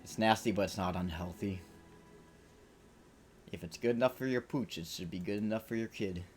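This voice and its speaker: A man's voice: lowish voice, moderate pace. A man streaming a game, chatting in a rambling, self-deprecating, joking way. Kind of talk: let's play commentary. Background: game music.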